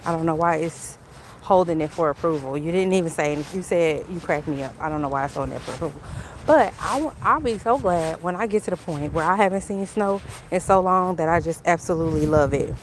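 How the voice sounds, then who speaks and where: A woman chatting on a casual walk-and-talk livestream outdoors, talking in an animated way and answering viewers' comments. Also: sits low, quick pace, a little hiss or hum. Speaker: livestream vlogger.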